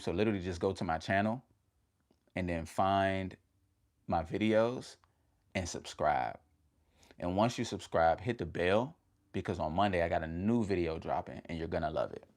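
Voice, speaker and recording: A man with a fairly low voice hosts a casual motivational livestream. He is energetic and slangy, calls his viewers fam and talks in short punchy bursts. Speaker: motivational YouTuber hosting a livestream.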